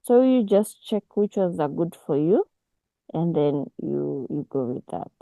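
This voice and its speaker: A woman, teaching a casual online forex class over a video call, unhurried and full of restarts. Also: low voice, animated, vocal fry, warm tone, no echo, low-quality recording. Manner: unhurried, with many restarts and fillers. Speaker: forex mentor.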